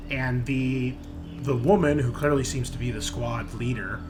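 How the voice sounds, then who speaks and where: A man's voice: medium pitch, a little slow, background noise. A man running a tabletop game as game master, describing the scene to players in a loose, rambling way. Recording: tense background music.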